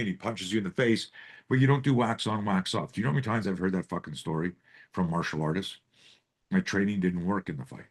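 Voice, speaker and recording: A man's voice: fairly low pitch, brisk, breathy edge. A man coaching self-defense on a live group video call, telling stories with lots of swearing and rhetorical questions. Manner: profane, animated storytelling with rhetorical questions.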